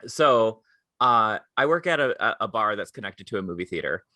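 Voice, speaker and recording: A man's voice: fairly low pitch, moderate pace, no room sound, studio quality. A young man co-hosting a podcast, telling stories in casual chat and acting out the people he quotes. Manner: animated storytelling, quotes people with voices. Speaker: podcast co-host.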